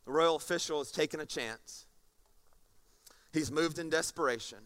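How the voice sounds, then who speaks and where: A pastor preaching a sermon to a congregation, animated and acting out scenes, moving from soft tones to loud passages. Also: male voice, a little high, normal speed. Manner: animated, swings from soft to shouting. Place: church stage before a congregation.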